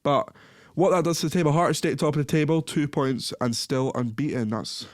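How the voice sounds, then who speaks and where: A man's voice: fairly high pitch, fairly even intonation, fairly quick, no room sound, studio quality. A man co-hosting a podcast, chatting casually about football, laughing often and correcting himself. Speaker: podcast co-host.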